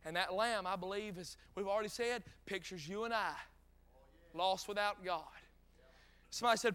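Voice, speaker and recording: A man's voice: high-pitched, steady tone, a little fast, clean tone. A middle-aged man with a North Carolina Southern accent, preaching a folksy revival sermon full of stories and joking asides. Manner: folksy, joking asides, rising to shouted peaks.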